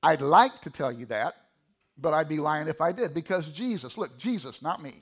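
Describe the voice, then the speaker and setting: Middle-aged pastor guy preaching, kinda high voice, gets loud then drops low for asides. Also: expressive, moderate pace, husky. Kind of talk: sermon.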